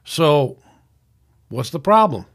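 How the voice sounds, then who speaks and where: A man's voice: fairly high pitch, big pitch swings, takes it slowly, a bit bright. A man in his sixties hosting a podcast, reading out messages and arguing back in a solo opinion monologue. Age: 60s. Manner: reads out messages and argues back, frequent restarts. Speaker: podcast host.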